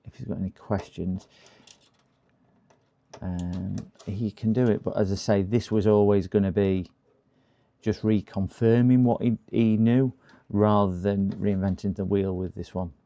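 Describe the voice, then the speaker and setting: A man with a low, gravelly voice and a dark, mellow tone, chatting loosely through a live PC repair at his home workbench. He talks half to viewers and half to himself, mumbling as he handles parts. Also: fairly even intonation, unhurried, lo-fi sound. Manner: chatty, mutters to himself while working. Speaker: PC repair livestreamer. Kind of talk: casual live commentary while working.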